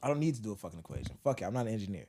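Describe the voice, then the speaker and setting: Crowd noise surrounds a man co-hosting a relaxed storytelling podcast, where he acts out quotes and laughs often. He speaks rapid-fire in a lowish, sing-song voice.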